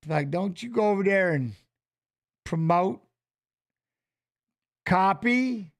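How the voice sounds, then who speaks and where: A middle-aged former fighter hosting a casual live stream, rambling through stories and swearing freely. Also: male voice, high-pitched, animated, takes it slowly. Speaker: show host and former fighter.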